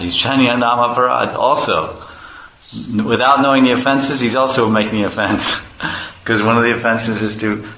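A male preacher tells a story in a sermon at an easy, relaxed pace. He often chuckles and repeats himself. His voice is very low but bright and forceful. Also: reverberant, a little hiss or hum, poor audio.

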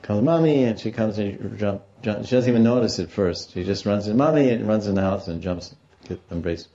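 Male religious teacher lecturing, low and mellow, on a slightly lo-fi recording. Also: steady tone, fairly quick. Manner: storytelling, explaining Sanskrit terms, acts out quotes. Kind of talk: devotional scripture lecture.

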